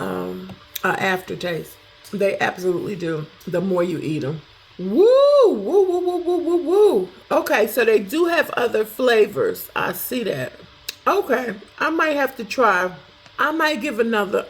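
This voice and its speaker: A woman casually chatting through a snack taste test, thinking out loud as she goes. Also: mid-range voice, creaky, a little hiss or hum. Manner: talks to herself while tasting, animated, chatty. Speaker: food review vlogger.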